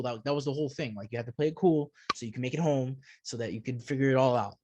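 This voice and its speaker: Halting man telling a personal story. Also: mid-range voice, a little mellow, a little hiss or hum. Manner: halting, repeats words while searching for them. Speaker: podcast guest.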